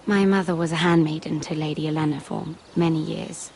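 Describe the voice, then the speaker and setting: A soft-spoken young handmaiden. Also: female voice, sits low, steady tone, fairly quick, gravelly, a little hiss or hum. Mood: confiding. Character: young handmaiden at court, earnest and secretive. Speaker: game character. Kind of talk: voiced video game dialogue.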